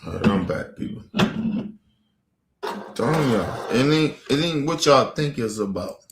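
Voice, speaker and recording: A man talks to his stream viewers in a blunt, rambling, profane manner. His voice sits at an ordinary middle pitch. The room around him rings with noticeable echo. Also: lively intonation, measured pace, noisy background. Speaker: live stream host. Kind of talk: casual storytelling to viewers. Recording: echoey room.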